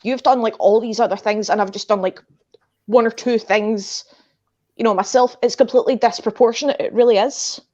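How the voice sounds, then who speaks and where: A woman's voice: a little high, fairly even intonation, brisk, a little mellow. Chatty woman on muffled call audio. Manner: chatty, filler-heavy. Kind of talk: casual chat.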